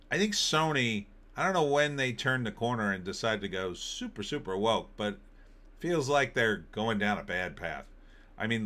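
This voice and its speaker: A man's voice: medium pitch, a bit bright. A middle-aged man hosting a show, casually commenting on headlines in a sarcastic, ranting way. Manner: sarcastic, ranting, mocking asides in put-on voices. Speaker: host of an opinion show.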